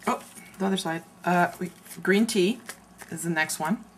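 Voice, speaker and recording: A woman casually showing her handmade craft album, chatty and meandering, often pausing mid-sentence to search for words. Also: on the low side, a little hiss or hum. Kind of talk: casual show-and-tell craft video.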